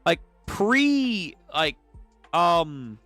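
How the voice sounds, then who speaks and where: A young man hosting a casual manga read-through, reacting out loud, swearing and tripping over names. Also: a little high, very animated, extremely slow, no echo, faint music behind. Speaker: channel host reading manga aloud.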